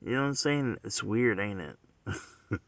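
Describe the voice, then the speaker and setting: A man's voice: on the low side, lively intonation, a little slow, gravelly, no echo. A man talking straight to the camera in a loose, rambling monologue, circling back again and again with rhetorical questions and "you know what I'm saying.".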